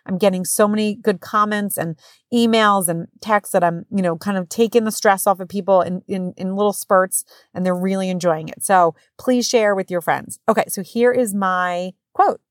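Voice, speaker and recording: A woman in her thirties hosts her own podcast and tells a family story in a candid, lively way. She swears freely and acts out what others said. Her voice sits at a middle pitch and sounds close and dry, with no room around it. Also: moderate pace, dry recording. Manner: candid, swears, animated retelling with quoted voices. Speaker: podcast host. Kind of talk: casual storytelling monologue.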